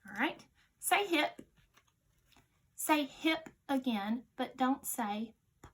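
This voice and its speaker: With a high, lively voice, a woman teaches children a phonics lesson. Her instructions are slow, clear and patient, and she drops to a quiet voice when giving the answers.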